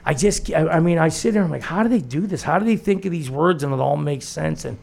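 A man's voice: fairly high pitch, expressive, fast, gravelly, a little mellow. A man co-hosting a radio show who asks curious, rambling questions. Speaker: radio co-host. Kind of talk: casual radio chat.

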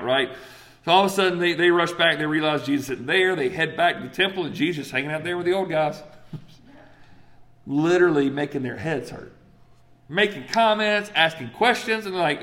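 A pastor with a slightly high, brisk voice delivers a sermon in a casual, conversational style. He's animated, acts out different voices, and keeps checking in with the congregation by asking "right?"

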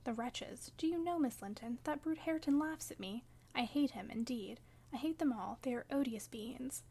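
A woman voicing a sickly, peevish teenage boy in an audiobook, fretful and self-pitying, often dropping to a hushed whisper. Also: high-pitched, moderate pace, slightly rough. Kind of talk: audiobook character reading.

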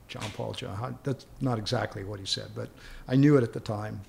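A man's voice: mid-range voice, steady tone, a little fast, gravelly. A man casually telling a long anecdote in a rambling way, often repeating words as he starts a thought. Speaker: guest storyteller.

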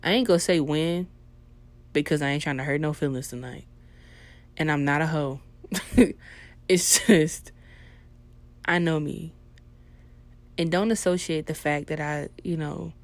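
A woman hosting a casual monologue, blunt and heavily profane, swinging into loud, animated rants. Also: low-pitched, measured pace, vocal fry, long pauses.

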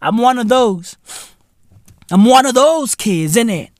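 The host of this podcast, a man from South Africa, has a very high voice and keeps a measured pace. His monologue is an animated, profane rant thick with slang fillers, captured in clean studio sound with no room sound.

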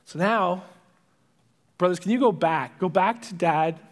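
Preaching in a high, unhurried voice, a male pastor dramatically recounts a story, his voice falling to a whisper whenever it turns emotional.

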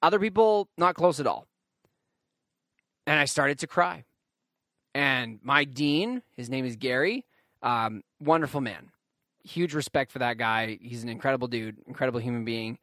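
An animated young man recounting a personal story straight to his audience, leaning hard on emphasis and calling out to his listeners. His voice sits at a mid pitch for a man. The sound is dry and close, with no room echo. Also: moderate pace. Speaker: storyteller addressing viewers. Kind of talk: casual storytelling monologue.

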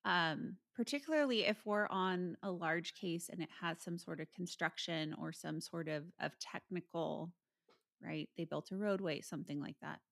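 A woman co-hosting a casual podcast, sharing lively anecdotes from her legal work. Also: fairly low pitch, moderate pace, creaky. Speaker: podcast co-host, lawyer.

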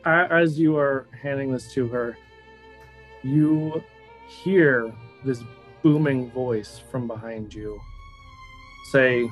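A man's voice: mid-range voice, slow, pauses often, soft background music, rough recording. Laid-back man running a tabletop game. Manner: laid-back, laughs easily. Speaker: game master.

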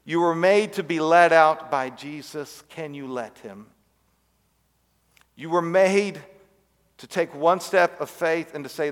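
A male pastor delivers a sermon in a slightly high voice, shaping it as a story. He lets his voice fall to a soft hush on the words that matter most. His voice trails off into a long reverb that fills the church sanctuary. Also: slow, long pauses.

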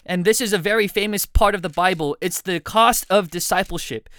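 A man's voice: sits high, a little fast, a bit bright, smooth, dry recording. A man preaching a sermon, earnest and direct, putting questions to his listeners.

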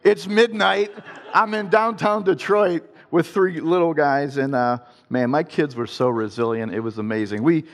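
A man's voice: a little high, moderate pace. A man from Ohio telling a personal story in a conversational way and turning it into an earnest devotional talk. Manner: earnest, conversational storytelling with self-deprecating laughs. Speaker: father telling a faith story.

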